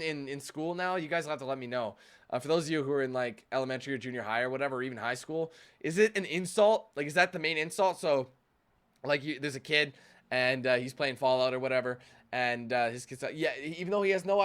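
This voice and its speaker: Rambling young man ranting to his viewers. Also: on the high side. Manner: animated, acts out viewers in exaggerated voices; rambling with many restarts and "you know what I mean". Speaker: YouTube gamer channel host. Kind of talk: casual rant to camera.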